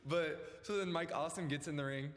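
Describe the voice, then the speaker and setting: A young man, a podcast guest, talking excitedly about wrestling, swearing and laughing as he goes. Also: fairly high pitch, fairly quick. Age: young adult. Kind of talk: casual chat. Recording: long reverb in the room.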